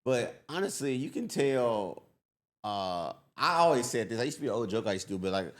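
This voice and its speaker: Animated man telling comic stories. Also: mid-range voice, fairly quick. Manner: animated storyteller with comic put-on voices. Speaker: podcast guest. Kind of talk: casual podcast chat.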